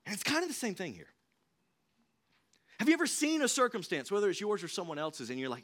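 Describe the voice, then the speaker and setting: A young man preaching a sermon in a church, in a conversational, animated way. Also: high voice, fast. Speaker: pastor. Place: church sanctuary.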